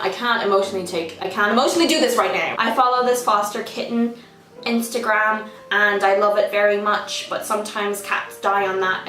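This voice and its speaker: A woman's voice: medium pitch, a bit bright, reverberant, distant mic. A woman, telling stories in a casual, self-mocking vlog and jumping to sudden squeals. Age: 20s. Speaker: vlogger.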